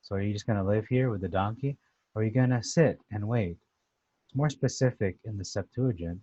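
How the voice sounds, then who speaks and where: A man with a somewhat low voice talks through a scripture passage in a relaxed, conversational way. He pauses and restarts often with "uh" as he thinks aloud. The recording is dull and lo-fi, with a dry sound and no room echo. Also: slightly rough. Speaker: Bible teacher. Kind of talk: casual scripture commentary.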